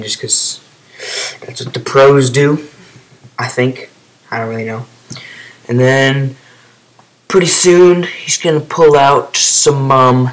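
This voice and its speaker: A young man casually commenting over his own gameplay clips, rambling, with sudden excited outbursts between quiet, trailing remarks. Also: mid-range voice, rough recording.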